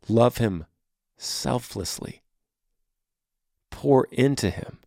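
A man's voice: mid-range voice, no room sound, clean studio sound. Earnest man giving advice. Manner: earnest, emphatic, dropping to a soft voice. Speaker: podcast host. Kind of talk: advice monologue.

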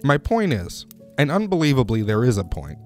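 A man's voice: mid-range voice, sing-song, moderate pace, faint music behind. A man rambling through a comic monologue, digressing wryly and asking the listener questions.

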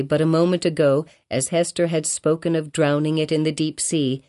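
A woman narrating an audiobook of a classic novel in a measured, formal reading. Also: low-pitched, warm tone.

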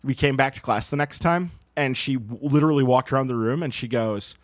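A man co-hosting a podcast, telling a school story in an animated, casual way with many fillers. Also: mid-range voice, a little fast, no echo. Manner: animated, full of like and you know. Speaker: podcast co-host.

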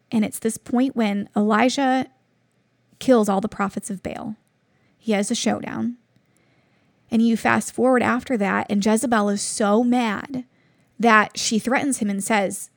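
A woman's voice: fairly high pitch, steady tone, measured pace, creaky, no room sound, clean studio sound. A woman in her thirties hosting a devotional podcast, telling a personal story in an earnest, reflective way. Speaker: podcast host.

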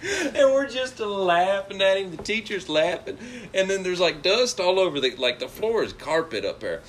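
A man's voice: high voice, sing-song, moderate pace, a little hiss or hum. A young man, casually telling a rambling story and laughing through it.

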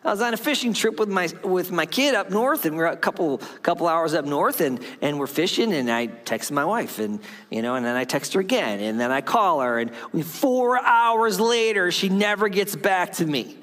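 A man's voice: sits high, expressive, moderate pace, hardly any pauses, fairly bright tone. A male pastor preaching a sermon, telling a story and acting out the voices in it. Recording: long hall reverb.

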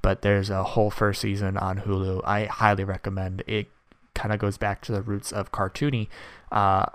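A man's voice: on the low side, flat delivery, normal speed, no echo. A young man in his early twenties hosts a podcast alone, giving his opinions in a rambling, casual monologue full of restarts. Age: early 20s. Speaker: podcast host.

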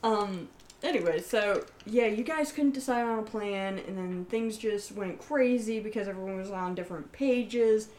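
An animated woman game master tells an old game story in casual podcast chat. Her voice sits at a middle pitch, and she keeps slipping into quoted asides. The sound carries a roomy echo. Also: normal speed. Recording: echoey room.

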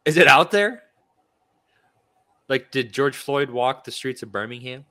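A man's voice: medium pitch, expressive, unhurried, bright, forceful tone. A man co-hosting a political talk show, ranting with indignant sarcasm.

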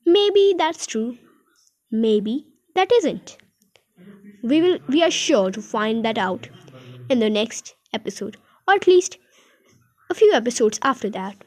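A woman reading a children's book aloud in an expressive storytelling style. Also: a little high, unhurried, pauses often. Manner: expressive, animated.

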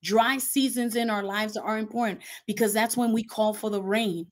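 A woman's voice: fairly high pitch, fairly even intonation, normal speed. A woman pastor speaking earnestly in a faith conversation, with a preaching cadence and repeated phrases.

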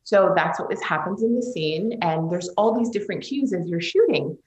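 A woman's voice: lowish voice, moderate pace, darkish tone, reverberant, rough recording. A woman, a film director, telling a hard story in an interview, earnest and emotional, with many fillers and restarts. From Canada. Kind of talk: interview conversation.

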